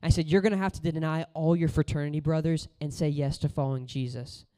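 This preacher talks fast in a steady tone, keeping his sermon casual and conversational. He tells stories and swings from loud exhortation to quiet, low moments.

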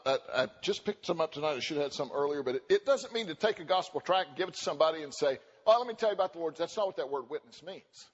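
A man preaching a sermon at a church conference, animated and joking, acting out quoted voices. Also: on the high side, breathy edge. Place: church sanctuary. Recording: dull recording with long hall reverb.

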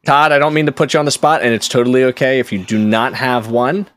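A man's voice: mid-range voice, steady tone, quick pace, a bit bright, no echo, clean studio sound. A man hosting a casual podcast chat, talking chattily with lots of fillers and frequent laughs. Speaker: podcast host.

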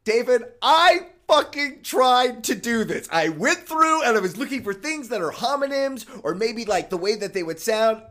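A young man with a high, very lively voice reads an old fairy tale to a friend on a casual podcast. He swoops up into exaggerated, shouted voices for angry peasants and croaking frogs, then drops back into chatty asides. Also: normal speed, hardly any pauses. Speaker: podcast host reading fairy tales. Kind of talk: casual comedic podcast chat with dramatic story reading.

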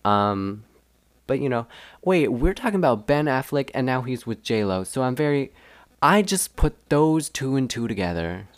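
A man's voice: medium pitch, sing-song, normal speed, dry recording. A man co-hosting a podcast, chatting casually in a rambling, self-deprecating way. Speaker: podcast co-host. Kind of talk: casual chat.

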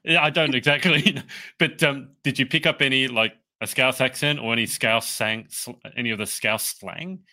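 A man hosting a podcast interview, animated and laughing often as he asks questions. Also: medium pitch, normal speed. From Australia. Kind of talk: casual interview chat.

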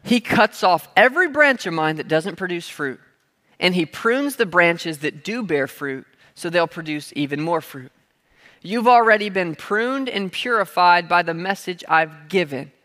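A man's voice: high voice, animated, measured pace, sharp tone. A man preaching a sermon as pastor, talking conversationally with playful asides and having the crowd repeat key words. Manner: playful asides and everyday examples. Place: church hall. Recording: long reverb of a large hall.

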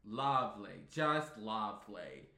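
A man's voice: on the low side, sing-song, slow pace, pushed and bright, pitched below the performer's own voice, full character voice. A man reading the lines of a sarcastic teenage girl student from a script. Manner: sarcastic, dry. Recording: echoey room.

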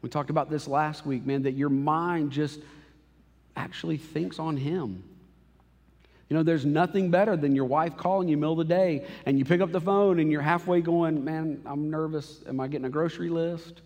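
A man's voice: on the high side, moderate pace, darkish tone. A man in his thirties, a pastor, preaching a conversational and emotional sermon in a church auditorium. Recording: reverberant hall.

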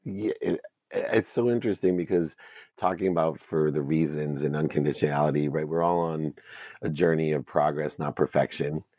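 A man's voice: very deep voice, steady tone, moderate pace, warm tone, no room sound, studio quality. A man hosting an interview, reflective and speaking with repeated starts. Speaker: host. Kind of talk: interview conversation.

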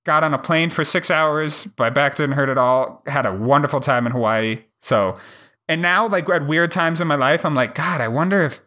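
Podcast co-host, man, bright and forceful tone, slightly high voice, swears freely and acts out every quote. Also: moderate pace. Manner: profane, animated retelling with acted-out quotes. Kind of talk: casual storytelling chat.

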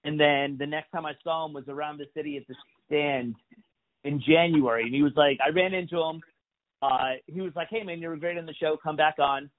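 A man with a fairly high voice spins a rambling, profane anecdote, voicing each person he quotes as he goes. The sound is thin and phone-like. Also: fairly quick. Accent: New York. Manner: profane, animated storytelling with acted-out quotes. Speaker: comedian guest. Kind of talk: casual storytelling. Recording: phone-like lo-fi audio.

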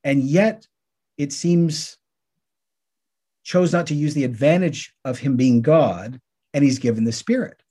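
A man co-hosting a podcast, teaching through Bible passages in a casual, lively way and acting out the questions listeners might ask. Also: on the high side, unhurried, long pauses, slightly rough.

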